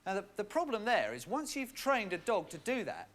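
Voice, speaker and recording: A man's voice: high-pitched, wildly swooping pitch, moderate pace, fairly bright tone. A man doing a dry, mocking stand-up monologue. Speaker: comedian.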